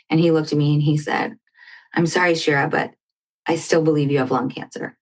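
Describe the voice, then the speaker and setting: A woman's voice: sits low, fairly quick. A woman guest on a talk show, telling a personal story in conversation and acting out what others said. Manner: animated storytelling, acting out quoted dialogue. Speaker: podcast guest.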